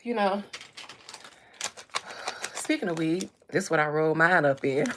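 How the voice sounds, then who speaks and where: A woman hosting a casual livestream, animated, calling out viewers and laughing often. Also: deep voice, background noise. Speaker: livestream host.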